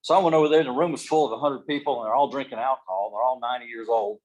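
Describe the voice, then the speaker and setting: A man's voice: mid-range voice, rapid-fire, darkish tone. A man gives a humorous motivational keynote speech, joking in a folksy, self-deprecating way. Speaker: keynote speaker.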